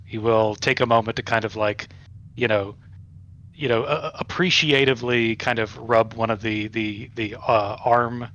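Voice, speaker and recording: A man with a bright, forceful voice describes his character's moves in a tabletop game, stopping often for fillers and restarts. The sound is a little dull and lo-fi, like a modest home mic. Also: mid-range voice, steady tone, unhurried. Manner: hesitant, full of fillers and restarts. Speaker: player.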